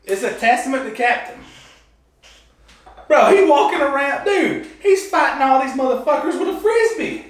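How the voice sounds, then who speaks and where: A man's voice: extremely high pitch, normal speed. A man co-hosting a casual chat, telling stories with laughter and profanity. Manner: animated, laughing, profane storytelling. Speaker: co-host. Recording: echoey room with background noise.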